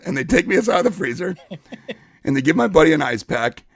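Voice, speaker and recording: High-voiced man spinning an animated story. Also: a little fast, vocal fry, dry recording, studio quality. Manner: animated, acts out quotes. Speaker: podcast co-host. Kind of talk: casual storytelling.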